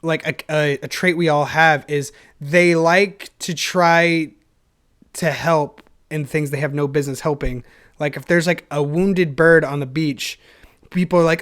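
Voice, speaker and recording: A young man hosting a solo podcast, rambling in a self-deprecating, energetic way and laughing often. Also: on the high side, moderate pace. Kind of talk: rambling casual monologue.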